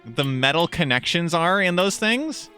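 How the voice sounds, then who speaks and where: A man co-hosting a gaming stream in casual chat, rambling, swearing and getting excitable. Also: fairly high pitch, measured pace. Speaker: streamer co-host. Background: game music.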